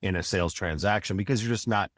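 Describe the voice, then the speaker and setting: A man's voice: on the low side, fast, dry recording, clean studio sound. A man in his forties, a sales veteran speaking as a podcast guest, giving blunt and emphatic advice in a casual interview.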